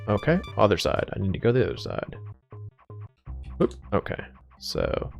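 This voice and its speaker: A man's voice: fairly low pitch, huge pitch swings, moderate pace, gravelly, long pauses. A man casually commenting on a video game as he plays, rambling, joking and self-deprecating. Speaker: let's play host. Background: faint game music.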